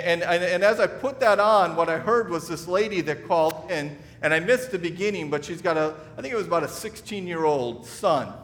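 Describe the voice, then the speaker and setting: A man's voice: a little high, a bit bright, in a large hall. A man preaching a sermon, telling a story in a conversational way with frequent restarts. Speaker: pastor.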